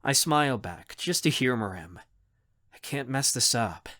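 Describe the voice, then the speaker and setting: Male narrator, first-person audiobook, lively intonation, expressive. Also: medium pitch, a little slow.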